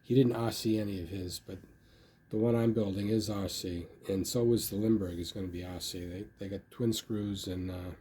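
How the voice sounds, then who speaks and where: A man's voice: lowish voice, fairly even intonation, normal speed, mellow, a little hiss or hum. An older man casually talking about his model building, rambling and filling his speech with "you know.". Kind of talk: casual hobby video talk.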